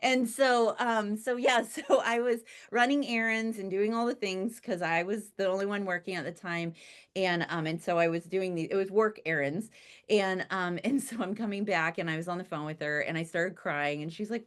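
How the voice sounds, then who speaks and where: A woman's voice: mid-range voice, moderate pace. A woman introducing a guest in a heartfelt, casual way. She talks with many fillers and restarts, laughs often, and acts out the voices of people she quotes. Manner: chatty and warm-hearted, with frequent fillers and self-corrections.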